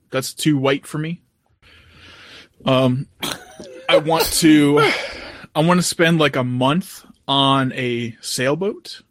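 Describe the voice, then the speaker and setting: A man in casual chat, calmly thinking aloud about what he wants to do in life. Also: on the high side, no room sound, clean studio sound. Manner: calm and reflective, thinks aloud.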